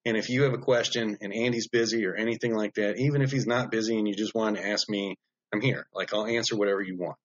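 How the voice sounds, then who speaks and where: A man who makes knives, telling stories as a podcast guest in a blunt, animated way with lots of fillers. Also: on the low side, quick pace, muffled recording. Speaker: knife maker guest. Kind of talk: casual podcast storytelling.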